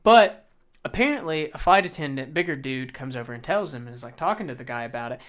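A young man co-hosting a casual podcast chat, telling stories with lots of swearing and loud acted-out quotes. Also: medium pitch, fast talker. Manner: animated storyteller, swears a lot, acts out quotes loudly. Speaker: podcast co-host.

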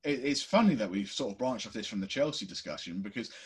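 A podcast co-host with a husky edge to his voice. He talks in an impassioned rant, his intonation leaping up and down, and he swears without holding back. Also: on the low side, expressive, fast. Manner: impassioned, ranting, swears freely. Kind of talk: casual chat.

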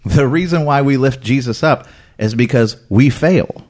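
A man's voice: medium pitch, normal speed, a little mellow. A man who is a pastor, talking earnestly and with emphasis in a casual podcast discussion.

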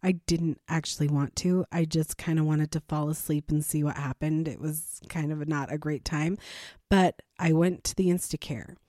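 Woman vlogger, low register, candid storyteller, dry close recording. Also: fairly even intonation, normal speed, dark tone, no room sound. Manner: candid, chatty, acts out conversations. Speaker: parent vlogger. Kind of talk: casual personal storytelling.

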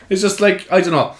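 A man's voice: sits high, roomy sound. Sweary young man with a Cork Irish accent. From Ireland. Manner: swears freely, animated storytelling. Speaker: podcast host. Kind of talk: casual chat.

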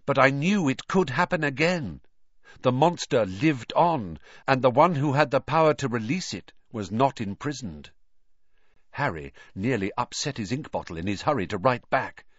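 A man narrating a storybook in an expressive reading style. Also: mid-range voice, normal speed, no room sound. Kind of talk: audiobook narration. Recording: dull, dry recording.

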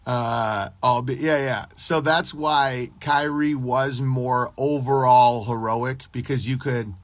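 A man's voice: mid-range voice, steady tone, takes it slowly, dry recording. A man hosting a casual livestream podcast, ranting in a crude, profane, rambling and boastful way while answering his live chat.

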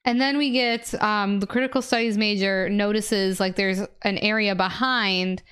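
A female podcast co-host chats casually, laughing often and filling in story details. Her voice is smooth and clear, at an average pitch. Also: steady tone, normal speed, fairly bright tone. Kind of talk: casual chat.

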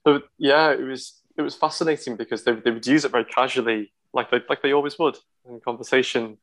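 A man's voice: mid-range voice, steady tone, fast, hardly any pauses, fairly bright tone. A man with a Merseyside accent, a meteorologist guest on a podcast, talking casually with some hesitant restarts. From Merseyside, England. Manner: hesitant, many restarts and ums. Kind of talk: casual chat.

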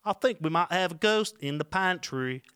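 A man's voice: high-pitched, animated, moderate pace, a bit bright, clear, resonant tone, pitched above the performer's own voice. A man putting on a wobbly British accent as a fussy host ordering tea for guests. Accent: mock British, drifting.

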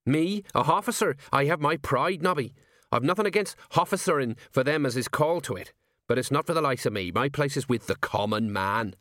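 A man's voice: mid-range voice, lively intonation, a little fast, fairly bright tone, no room sound, studio quality, voice pushed up, natural voice. A man voicing an older watch sergeant, set in his ways, with a folksy, rambling, common way of talking. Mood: musing.

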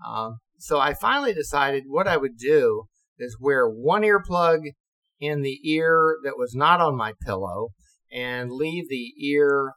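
A man's voice: medium pitch, low-quality recording. Older man telling navy stories. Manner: lively, acts out quotes, swears and laughs. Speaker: retired navy officer. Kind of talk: casual storytelling.

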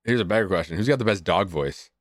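A man's voice: low voice, quick pace, no room sound, studio quality. A young man co-hosting a podcast in loose casual chat, swearing and laughing often. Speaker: podcast co-host.

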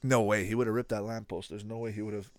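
A man giving casual live commentary as he watches a video, excitable and thinking aloud, often asking his viewers questions. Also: lowish voice, fast, no echo. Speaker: reaction video host.

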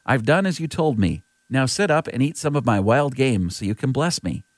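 A younger son passes himself off as his brother, voiced by a man reading scripture aloud. His lines ride higher with a lively melody. The sound is close and dry. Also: moderate pace, no room sound, close to an everyday voice. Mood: sly. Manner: earnest, lightly voiced reading.

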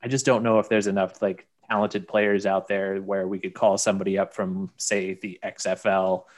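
Low hesitant young man, lots of ums. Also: level tone, normal speed. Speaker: podcast co-host. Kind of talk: casual sports chat.

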